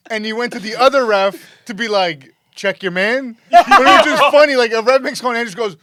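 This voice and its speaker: A man's voice: extremely high pitch, fast, bright, forceful tone, dry recording. A man co-hosting a podcast, telling a story in casual, amused banter. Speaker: podcast co-host.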